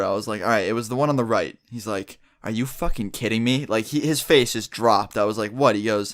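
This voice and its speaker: Young male vlogger, quick casual storyteller, profane and rambling. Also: mid-range voice, lively intonation. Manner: swearing, rambling, filler-heavy.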